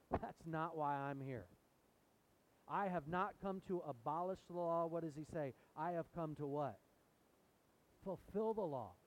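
A man's voice: mid-range voice, low-quality recording. A man preaching a sermon in a church, asking the congregation questions as he goes. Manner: animated, asks the congregation questions. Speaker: pastor. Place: church sanctuary.

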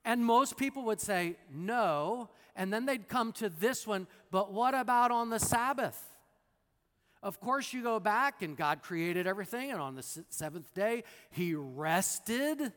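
A man with a notably high voice preaches a sermon, explaining the text in a conversational teaching manner. He drops wry asides and puts questions to listeners by name. His voice rings out with a long hall reverb. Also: lively intonation, moderate pace, hardly any pauses, fairly bright tone. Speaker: pastor.

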